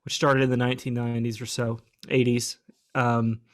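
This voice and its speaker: A man's voice: medium pitch, level tone. Thoughtful male podcast co-host. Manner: thoughtful, many filler pauses. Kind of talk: casual podcast chat.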